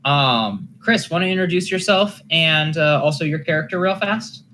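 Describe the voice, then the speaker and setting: A game master narrating a tabletop session in a lively way and laughing easily. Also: mid-range voice, moderate pace, slight background noise.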